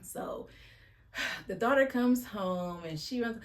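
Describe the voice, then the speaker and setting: A woman's voice: a little high, takes it slowly. A woman giving a casual, blunt recap of a reality show, chatty and slangy, sighing as she retells scenes.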